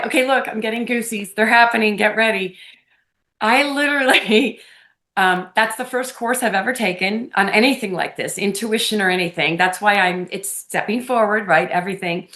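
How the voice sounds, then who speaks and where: A woman guest on an interview, telling personal stories in an effusive, animated way and laughing often, talking over a remote call. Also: mid-range voice, normal speed. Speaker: podcast guest, medium. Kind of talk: casual storytelling interview. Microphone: phone or remote call.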